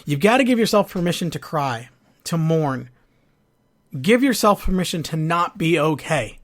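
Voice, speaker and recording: A man hosting a podcast, speaking earnestly and haltingly about his own grief and hurt, with frequent restarts. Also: fairly high pitch, big pitch swings. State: going through a divorce, sad. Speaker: podcast host. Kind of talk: personal reflective monologue.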